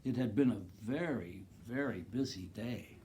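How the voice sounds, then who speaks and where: A man reading a picture book aloud to second graders, expressive and talking to the children directly about the pictures. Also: fairly low pitch, a little slow, slight background noise. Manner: expressive, makes loud animal noises.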